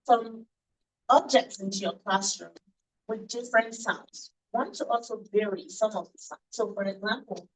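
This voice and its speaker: Woman instructor, mid pitch, patient classroom lecture with playful questions to students. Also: rough recording. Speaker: early childhood education instructor.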